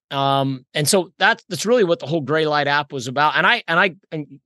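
A man hosting a podcast, chatty and energetic, often repeating words as he talks. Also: a little high, fairly quick, dry recording, studio quality. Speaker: podcast host. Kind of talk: casual podcast conversation.

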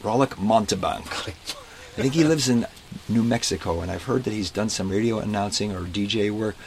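A man being interviewed about his life as a street performer, telling stories in a relaxed, casual way and acting out the people in them. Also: lowish voice, a little fast, vocal fry, slight background noise. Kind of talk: casual storytelling. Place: inside a parked vintage bus.

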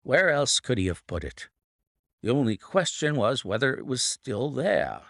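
A man reading an audiobook, voicing a brilliant male detective explaining a case in a measured, deliberate way. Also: mid-range voice, sing-song, creaky, fairly bright tone, no room sound, studio quality.

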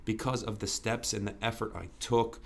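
Brief young man, low-pitched, earnest podcast guest, candid storytelling. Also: flat delivery, moderate pace, vocal fry. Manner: earnest, restarts often, fillers like "you know".

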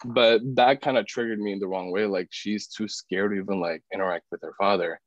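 Male podcast guest, low voice, casual storyteller who voices the people in his story; dull, dry recording. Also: fairly quick, dry recording. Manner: expressive, acts out other people's words; filler-heavy, frequent "like".

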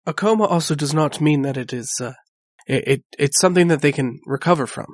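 A man's voice: fairly high pitch, brisk, no echo, clean studio sound. A man running a tabletop game as game master, describing scenes in a casual, descriptive way.

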